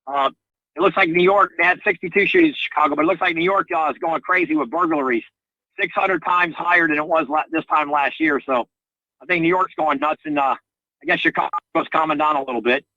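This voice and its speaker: Bright-voiced male caller, muffled line. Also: a little high, fairly quick, no echo. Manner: hesitant, filler-heavy delivery. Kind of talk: call-in radio chat. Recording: muffled phone line into radio.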